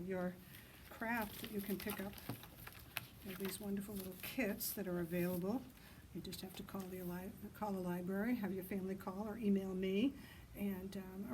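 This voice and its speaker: A woman librarian leading a children's story time outdoors, reading in an animated sing-song way and hooting loudly to get kids to join in. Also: mid-range voice, a little hiss or hum, low-quality recording.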